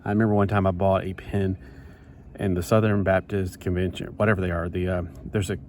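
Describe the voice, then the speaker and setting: A man's voice: sits low, brisk. A man chatting casually in a rambling, self-interrupting way while he builds a toy set. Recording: steady background noise.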